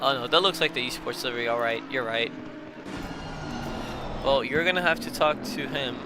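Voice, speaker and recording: A young man at a moderate pace and medium pitch narrates a sim race live despite a case of hiccups. In the gaps between calls he's flustered, self-mocking and apologetic, against a noisy background.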